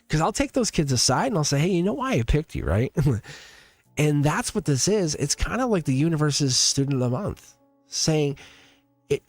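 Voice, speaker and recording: A man's voice: medium pitch, no echo. Rambling, earnest man hosting live tarot. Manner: rambling and earnest, with many fillers and restarts; laughs often between thoughts. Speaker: tarot reader hosting a livestream. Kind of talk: casual livestream chat.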